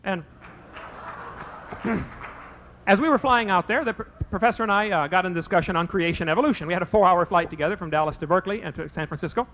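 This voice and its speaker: A man's voice: high voice, fast, long pauses, a bit bright, slight background noise, poor audio. A man debating before a live audience, telling a folksy story and acting out both sides of a conversation. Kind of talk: anecdote told to a live audience.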